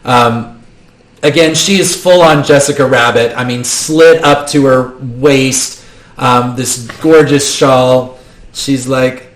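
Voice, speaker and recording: A man narrating as game master in a relaxed way with frequent ums. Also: mid-range voice, slow pace. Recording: roomy room with faint noise.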